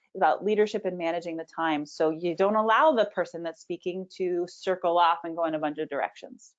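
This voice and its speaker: A woman who coaches public speaking, answering questions on a webinar with a confident, animated delivery and playing with her intonation. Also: fairly low pitch, a little fast. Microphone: video call. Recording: slightly dull video-call audio.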